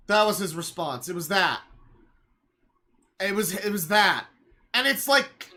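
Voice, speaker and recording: Bright-voiced man ranting in exasperation. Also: high voice, lively intonation, unhurried, pauses often. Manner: sarcastic. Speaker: streamer. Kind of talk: live stream reaction commentary.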